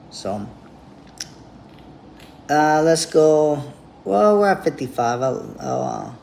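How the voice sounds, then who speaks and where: A man's voice: medium pitch, creaky, a little mellow, a little hiss or hum. A man giving a blunt, profane, rambling monologue straight to camera as a vlogger.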